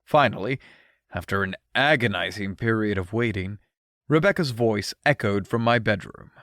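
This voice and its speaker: A man narrating an audiobook in an expressive first-person storytelling manner, recorded on a close studio mic. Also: lowish voice, normal speed, no echo.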